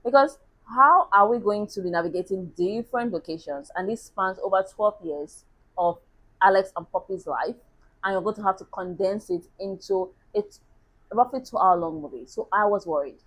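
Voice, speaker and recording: A woman's voice: mid-range voice, moderate pace, a bit bright, rough recording. A woman chatting casually as a book reviewer, laughing at herself now and then.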